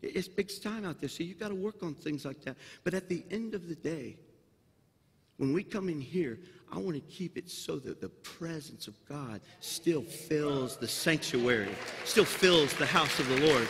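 A man's voice: fairly high pitch, moderate pace, slightly rough. Pastor guy preaching a sermon, slight southern drawl, fired up, big echoey church hall. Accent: Southern US drawl slipping in. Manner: preaching that rises to loud, fervent climaxes, folksy asides. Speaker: senior pastor. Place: large church sanctuary. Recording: long hall reverb of a sanctuary.

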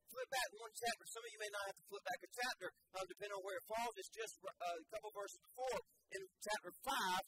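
High, animated preacher man. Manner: emphatic, animated preaching with repetition. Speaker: pastor. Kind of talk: sermon. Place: church sanctuary. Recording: sermon recording with background noise.

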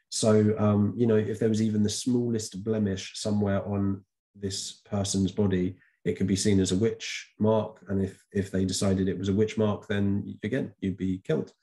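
A man with a low, mellow voice walks students through a revision lesson. He talks casually to the camera and often stops to correct himself or fill a pause with an um. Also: flat delivery. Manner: chatty, with frequent ums and self-corrections. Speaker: teacher. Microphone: camera recording.

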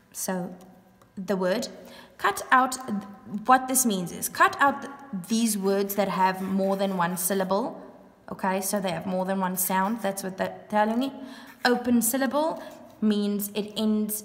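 A woman teacher giving a grammar lesson to young pupils, patient and sounding words out slowly. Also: medium pitch, a bit bright. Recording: echoey room with long reverb.

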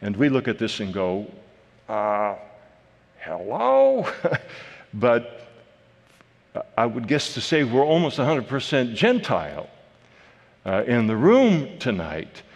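A man of middling pitch preaches a verse-by-verse sermon in a loose, conversational manner, often pausing on "uh" and restarting phrases. His voice carries through a church sanctuary with a long, lingering reverb. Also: very animated. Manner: conversational, frequent "uh" fillers and restarts. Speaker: pastor.

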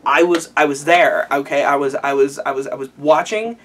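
A man's voice: fairly high pitch, fairly even intonation, moderate pace, fairly bright tone, far from the mic, a little hiss or hum. A tipsy young man rambling through a recap, stammering and restarting his sentences. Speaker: vlogger recapping an anime. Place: small warm room indoors.

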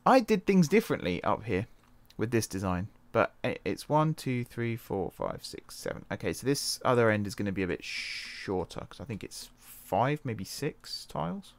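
A man's voice: on the low side, very animated, normal speed, few pauses. A man from the UK giving casual, thinking-aloud commentary while playing a computer game, often changing his mind and correcting himself. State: wrist pain. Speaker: game let's-play host.

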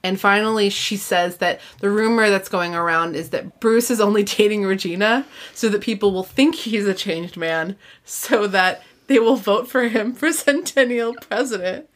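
A young adult woman hosts a casual podcast chat in a mid-pitched voice, walking through a story's plot. She talks loosely, with lots of "like"s and easy laughter. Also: normal speed, few pauses. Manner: chatty, recaps plot with frequent "like" and laughter. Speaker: podcast host.

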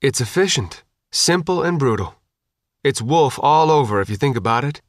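Casual: guy reading as a tough calm lady officer, low key, no-nonsense. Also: normal speed, no room sound, studio quality, close to an everyday voice. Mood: grim calm. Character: grim, steady female petty officer.

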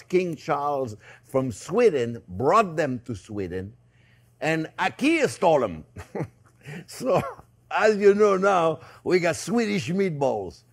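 Chuckling French-accented chef, lively. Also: male voice, a little high. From France. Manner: chatty and playful, chuckling often, many fillers. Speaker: cooking show host. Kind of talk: casual cooking demonstration.

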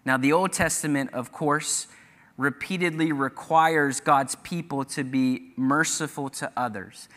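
A man's voice: a little high, a little slow, a bit bright. A man preaching a sermon as pastor, earnestly reading scripture aloud with emphatic rises. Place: church sanctuary. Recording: church hall reverb.

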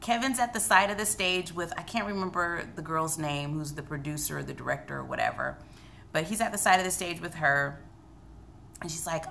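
A woman chatting to her camera at home, running through an episode scene by scene. Her voice is bright and edged with gravelly fry, sitting a bit low for a woman. A faint hiss sits under the recording. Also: moderate pace. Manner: chatty, retells scenes with quoted lines. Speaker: TV recap vlogger. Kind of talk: casual recap chat to camera.

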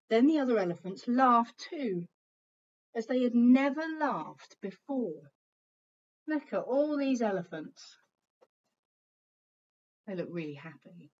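A woman's voice: medium pitch, a little mellow, muffled recording. A woman teacher reading a picture book aloud to young children, telling the story expressively and pointing out the pictures as she goes.

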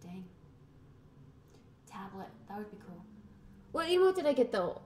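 A young woman streamer chats casually and rambles while cooking in her home kitchen, her mic set some distance away. Her medium-pitched voice is very animated, slow, a little mellow, and full of pauses. The room gives a roomy echo with faint background hiss.

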